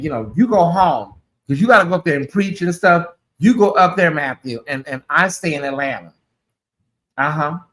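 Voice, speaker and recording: Sassy male host chatting on a livestream with a high, crisp, bright voice. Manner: sassy, chatty, calls listeners honey and y'all. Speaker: channel host. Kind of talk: casual livestream chat.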